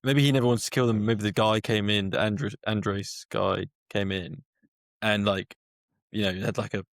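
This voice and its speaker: A man's voice: fairly low pitch, steady tone, moderate pace, dry recording, clean studio sound. A man, co-hosting a podcast and chipping in casually with his own suggestions. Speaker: podcast co-host. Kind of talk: casual chat.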